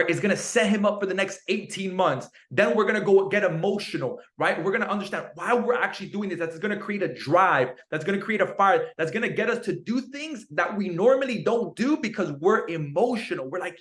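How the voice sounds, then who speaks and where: A young man with a high voice gives a motivational coaching talk to his team. He is hyped and energetic, repeats his points, and keeps asking "right?". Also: a little fast, few pauses. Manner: energetic, repetitive, hyped, says "right?" often. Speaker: team leader on a sales call.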